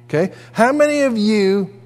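Older male pastor, high voice, folksy preacher in a reverberant church hall. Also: moderate pace. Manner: folksy storytelling, animated asides. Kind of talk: sermon. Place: church sanctuary.

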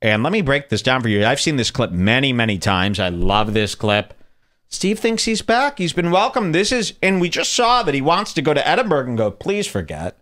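A man hosts a podcast from a studio and comments on video clips. He talks casually and sarcastically, and his pitch swings widely as he animates his story. He speaks into a close studio microphone. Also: sing-song, a little fast, few pauses, fairly bright tone. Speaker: podcast host.

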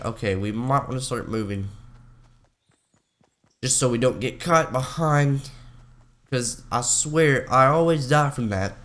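A young man giving casual gameplay commentary, rambling and poking fun at himself, with a rough morning voice that cracks. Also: medium pitch, fairly bright tone. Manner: rambling, self-mocking, talks to himself while playing. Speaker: gaming YouTuber.

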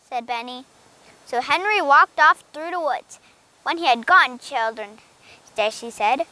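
Woman, children's book read-aloud, high voice, bright tone, expressive, lively. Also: unhurried. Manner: expressive, lively narration with small slips. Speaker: audiobook reader.

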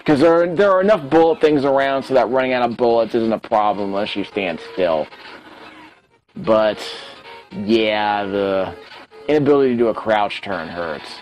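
A man's voice: on the low side, normal speed, a little mellow, soft background music, poor audio. A man giving casual, self-critical commentary as he plays a retro game, talking to himself. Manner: chatty, self-critical, talks to himself while playing. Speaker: let's play host.

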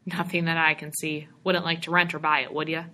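A chatty, folksy small-town real estate man, as a woman reads him aloud in a storybook telling. He talks in loose rural speech, and the voice has a bright, forceful edge over a lowish pitch. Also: flat delivery, fairly quick, a little hiss or hum.

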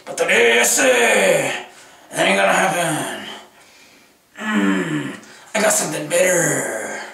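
A man voicing a swaggering young cholo web-show host who drawls slow homie slang and keeps saying "homie" and "I say". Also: sits high, animated, creaky, sharp tone, exaggerated voice. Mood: laid-back swagger. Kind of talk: comedy web sketch. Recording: echoey room from far off.

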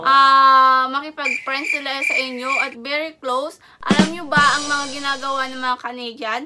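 A woman's voice: high voice, fairly even intonation, moderate pace. A woman from the Philippines chatting casually in a vlog, switching between Tagalog and English. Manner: mixes Tagalog and English, upbeat greetings. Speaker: vlogger. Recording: loud background music.

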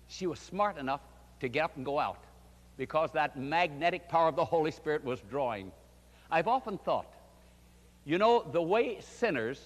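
An older man, a pastor, preaching a storytelling sermon with fervent emphasis. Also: a little high. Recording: long hall reverb.

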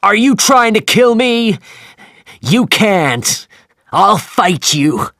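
A man's voice: high-pitched, big pitch swings, very slow, creaky, no room sound, studio quality, voice pushed up, exaggerated voice. A man doing a raging obsessed old sea captain. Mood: raging defiance. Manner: shouting, defiant.

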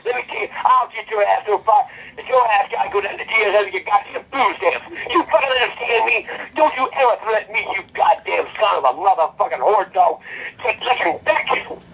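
An older man with a raspy, high-pitched voice rants and curses in a furious stream. The sound is dull and muffled, like a phone line. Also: a little fast, a bit bright. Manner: cursing, furious ranting. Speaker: prank call target. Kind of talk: prank call rant.

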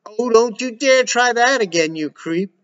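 A man voicing an angry teenage girl who yells through a door. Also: very high voice, lively intonation, a little slow, pitched above the performer's own voice, heavily acted. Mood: furious. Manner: yelling, raised and strained. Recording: dull lo-fi recording.

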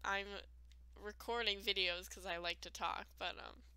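A woman's voice: mid-range voice, fairly even intonation, a little slow, pushed and bright, clear, resonant tone, no echo. A woman giving casual, rambling let's-play commentary, full of fillers and self-deprecating asides. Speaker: gaming video creator.

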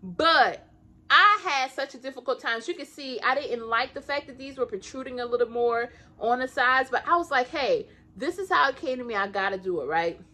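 A woman with a Southern US country accent chats with her audience in a folksy, encouraging way. Her voice sits a little high and rings bright and forward. She laughs easily as she talks. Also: expressive, a little fast. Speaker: crochet vlogger. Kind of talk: casual chat to camera.

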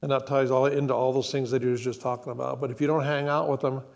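An older man sharing a sermon in a church, calm and reflective, telling a personal story with halting restarts. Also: medium pitch, vocal fry. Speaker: co-pastor. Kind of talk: conversational sermon. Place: church sanctuary.

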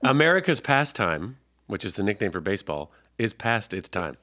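A man's voice: lowish voice, sing-song, moderate pace, sharp tone. A man on a comedy radio panel, riffing with exaggerated, joking remarks. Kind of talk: improvised comedic banter.

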